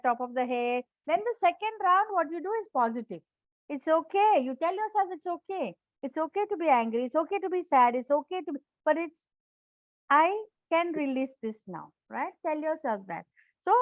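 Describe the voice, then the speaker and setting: A woman's voice: high-pitched, no room sound. A woman coach leading a live online class on self-management, encouraging and repetitive, often checking in with questions to her students.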